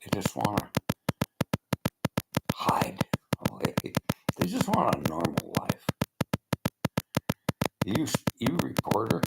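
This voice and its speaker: A man's voice: fairly low pitch, huge pitch swings, slow pace, gravelly, long pauses. An older man vlogging in a rambling motivational monologue, often dropping into whispery asides. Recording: loud background noise.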